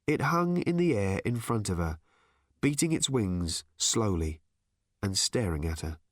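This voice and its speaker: A man reading an audiobook with expressive, wry storytelling. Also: on the low side, unhurried, dry recording, studio quality. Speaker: audiobook narrator. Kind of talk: scripted narration.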